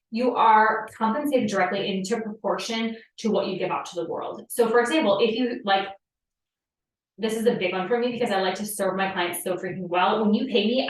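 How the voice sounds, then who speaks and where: A woman in her thirties giving a loose, profane spiritual coaching talk, leaning on "like" constantly. Her voice sits at a middle pitch and sounds set back from the mic. A strongly echoing room surrounds her. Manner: casual, profane, filler-heavy with frequent "like". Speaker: podcast host and manifestation coach. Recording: echoey room, distant from the mic.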